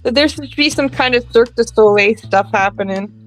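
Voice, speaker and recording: A chatty woman with a slightly raised pitch talks casually as a co-host and laughs easily. Soft music plays faintly underneath her voice. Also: brisk, poor audio. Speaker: podcast co-host. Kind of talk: casual chat.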